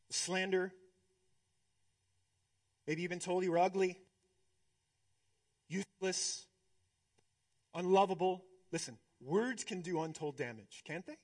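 A male pastor preaching a sermon, swinging between hushed, slow stretches and emphatic, rising ones. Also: high voice.

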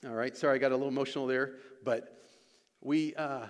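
A man's voice: medium pitch, steady tone, brisk. A man preaching a sermon as pastor and church elder, earnest and repeating his key lines for emphasis. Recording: long reverb of a large hall.

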